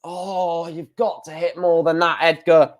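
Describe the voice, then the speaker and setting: An excitable man commentating live on a stream, shouting and repeating himself at big moments. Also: on the high side, unhurried.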